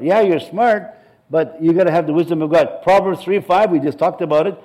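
A middle-aged man with a notably high voice preaches a sermon. He drives his points home with emphatic repetition and climbs in intensity as he goes. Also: brisk, darkish tone, low-quality recording. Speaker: pastor.

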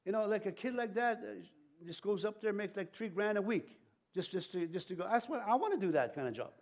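A man's voice: high-pitched, expressive, brisk. A middle-aged man, preaching a sermon in a church, rambling and folksy, with many restarts and fillers. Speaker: pastor. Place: church sanctuary.

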